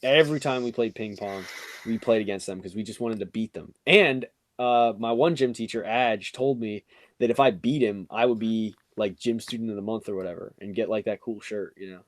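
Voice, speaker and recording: A man's voice: normal speed, a little hiss or hum. A young man casually telling a funny story on a podcast, acting out quotes and using lots of fillers. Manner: animated, acts out quotes with rising pitch, filler-heavy "like".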